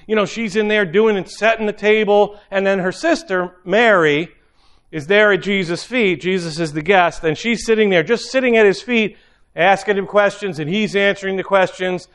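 Man, preacher, high-pitched voice, rambling conversational sermon, lots of fillers. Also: a bit bright. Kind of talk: informal sermon storytelling.

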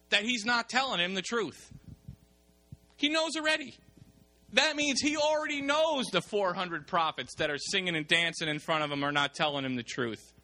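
A male preacher giving a lively sermon, reading scripture and explaining it while acting out the people in the story. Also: very high voice. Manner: animated, acts out the people in the story. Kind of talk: sermon with Bible reading and commentary.

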